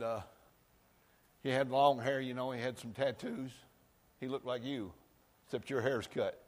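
Male pastor, folksy sermon, loud bursts and soft asides, echoing church. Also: mid-range voice. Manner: folksy, swings from loud outbursts to quiet asides.

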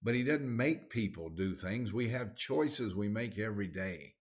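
Southern man preaching, folksy and emphatic, a bit low in pitch. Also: lively intonation, unhurried. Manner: folksy and emphatic, plain everyday grammar. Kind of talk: sermon.

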